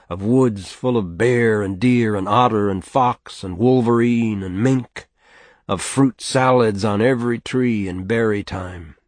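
Low-voiced man reading a novel aloud. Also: a little mellow, no echo. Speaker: narrator. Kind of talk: audiobook narration.

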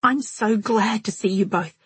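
A woman reading the part of an earnest, upset teenage girl who confides in a rushed, emotional way, with a husky voice. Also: mid-range voice, a bit bright, no echo, voice pushed up. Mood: glad.

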